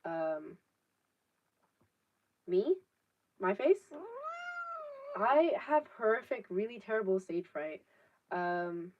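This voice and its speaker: A woman's voice: fairly low pitch, expressive, extremely slow, long pauses. A 19-year-old woman, chatting casually on a live stream, rambling with lots of fillers and casual swearing. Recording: distant, dull laptop audio.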